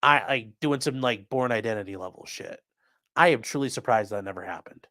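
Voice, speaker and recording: A man's voice: medium pitch, brisk, bright, forceful tone, dry recording, studio quality. Blunt man hosting a livestream. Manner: blunt, profane, reads chat aloud. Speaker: livestream host. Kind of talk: casual livestream commentary.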